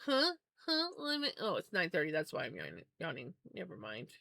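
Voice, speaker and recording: A woman's voice: low-pitched, wildly swooping pitch, fairly quick, gravelly, pushed and bright, dry recording. A woman live streaming in casual chat as she spins yarn, rambling along and laughing easily.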